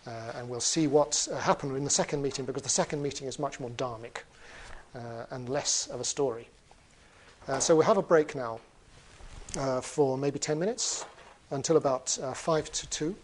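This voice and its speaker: A male Buddhist teacher tells a story in a relaxed way, pausing often with little fillers. his voice has an ordinary middle pitch. there is a soft hiss in the background. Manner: relaxed, many "uh" fillers, chuckling. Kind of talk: storytelling dharma talk.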